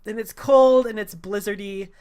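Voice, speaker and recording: A woman narrating as game master of a tabletop game, chatty and quick to laugh. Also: medium pitch, steady tone, a little mellow, smooth.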